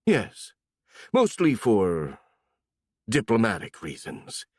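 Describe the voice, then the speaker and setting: A man's voice: lowish voice, huge pitch swings, slow, slightly rough, dry recording, studio quality, full character voice. A man voicing a polite, businesslike nobleman speaking diplomatically in an audiobook.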